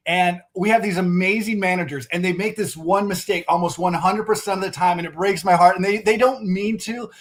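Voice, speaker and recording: A man giving energetic sales coaching on a video call, acting out customer talk with quick restarts. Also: sits high. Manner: animated, quick restarts, acts out customer dialogue. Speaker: mattress sales trainer, guest.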